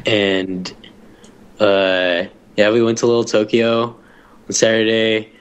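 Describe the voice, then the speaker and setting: A man's voice: fairly low pitch, steady tone, takes it slowly, clear, resonant tone, muffled recording. A young man co-hosting a casual podcast, rambling with lots of hesitations and casual swearing. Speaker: podcast co-host. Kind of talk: casual chat.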